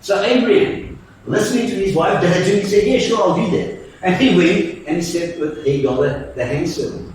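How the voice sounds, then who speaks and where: A man with a high-sitting, darkish voice preaches a sermon at normal speed in a church hall, telling the story playfully, cracking jokes and acting out its voices. He's captured from far off in an echoey church, with a little hiss or hum.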